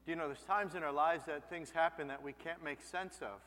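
A man preaching a sermon as a pastor, telling stories in a lively, expressive way. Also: fairly high pitch, fairly quick, big-room sound, soft background music. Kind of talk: sermon with personal storytelling.

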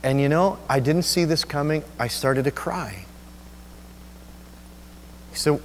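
A male pastor preaching a sermon, telling a personal story in an emotional, halting way with many restarts. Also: mid-range voice, expressive, big-room sound, slight background noise. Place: church sanctuary.

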